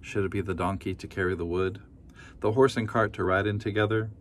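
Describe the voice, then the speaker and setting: A man's voice: lowish voice, fairly even intonation, a little fast, a little hiss or hum. A man reading a children's story aloud as storyteller, adding casual asides.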